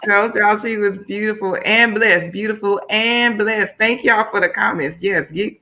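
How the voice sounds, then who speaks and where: A woman's voice: medium pitch, normal speed, pushed and bright. A woman from Miami hosting a livestream talk show, upbeat and colloquial, chatting to her viewers between questions. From Miami, Florida. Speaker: host.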